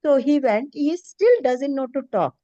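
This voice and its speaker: A woman's voice: high-pitched, expressive, measured pace, mellow, dry recording, lo-fi sound. A middle-aged woman, earnestly telling a personal story on a video call in a hesitant, emotional way. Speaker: meeting participant, preschool teacher.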